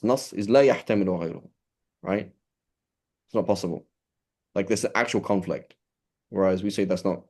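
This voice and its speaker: A man's voice: on the low side, darkish tone. A man teaching a class, explaining in a loose, conversational way, often restarting and checking with "right?", mixing in Arabic terms. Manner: switches between English and quoted Arabic terms. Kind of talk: classroom lecture.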